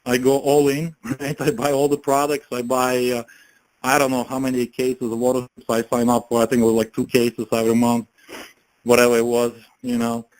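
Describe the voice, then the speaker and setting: A man with an ordinary mid-range voice pitches network marketing in a loose, conversational way. He laughs often and keeps checking in with his listeners through tag questions and fillers. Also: monotone, moderate pace, darkish tone, low-quality recording. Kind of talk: casual motivational pitch.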